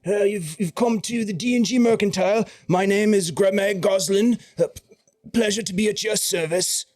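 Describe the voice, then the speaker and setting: A man's voice: darkish tone, natural voice. A man voicing a fussy, eager tall shopkeeper who stammers as he fawns over customers. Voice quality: high, hurried, stammering. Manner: fawning and dithering.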